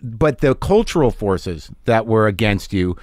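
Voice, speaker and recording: Male host, mid pitch, lots of ups and downs, keeps restarting, dry close sound. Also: lively intonation, measured pace, darkish tone, no echo. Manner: thoughtful, rambling restarts. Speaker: podcast host. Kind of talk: casual interview chat.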